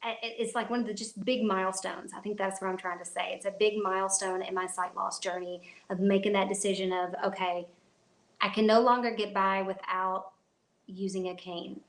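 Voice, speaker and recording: A woman's voice: medium pitch, level tone, normal speed, echoey room. A woman with a Kentucky accent hosting a casual live chat stream from her phone, rambling and laughing often. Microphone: phone at arm's length.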